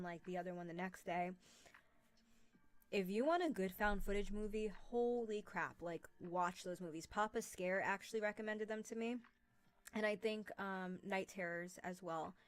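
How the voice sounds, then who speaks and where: A woman's voice: mid-range voice, a bit bright. A young woman chatting casually on a live stream from home, rambling with many fillers.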